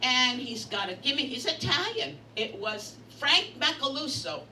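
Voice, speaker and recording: A high, pushed, bright voice belongs to a Brooklyn woman doing bawdy, brash stand-up at a bistro bar comedy night. She's expressive and keeps a measured pace through her stories and punchlines, heard distantly in an echoey, noisy bar room.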